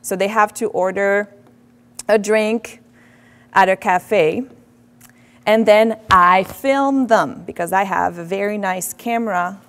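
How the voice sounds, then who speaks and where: Woman professor, animated, self-deprecating lecture delivery. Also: medium pitch, slow. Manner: animated, self-deprecating, quoting French phrases. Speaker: French professor. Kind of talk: faculty lecture. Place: lecture hall.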